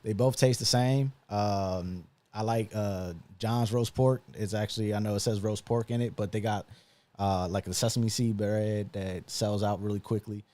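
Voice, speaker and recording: A man co-hosting a live podcast, talking in a relaxed, rambling way with many ums and likes. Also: fairly low pitch, normal speed. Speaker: podcast co-host. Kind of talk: casual live podcast chat.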